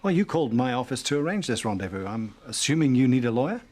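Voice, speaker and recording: An actor playing a polished, courteous middle-aged lawyer in a TV soap drama. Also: male voice, mid-range voice, very animated, fast, darkish tone. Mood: fond.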